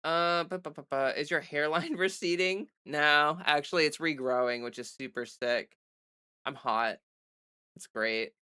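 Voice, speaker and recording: A woman talking off the cuff on a home livestream, her voice bright and forward. She rambles through fillers and restarts and stays blunt and defiant, swearing freely. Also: deep voice, measured pace, smooth. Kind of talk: casual livestream chat. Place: home streaming setup under bright lights.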